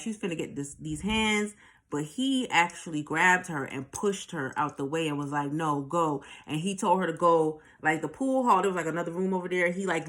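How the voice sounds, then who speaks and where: A woman's voice: deep voice, fairly bright tone. A woman telling her own story in a blunt, profane way, often repeating a line for emphasis. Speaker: channel host telling a personal story. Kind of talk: candid personal storytelling.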